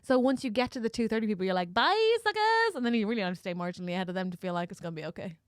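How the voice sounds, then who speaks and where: A woman co-hosting a comedy podcast, telling stories in a rambling, animated, casual way. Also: medium pitch, racing, no echo, studio quality. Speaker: podcast co-host.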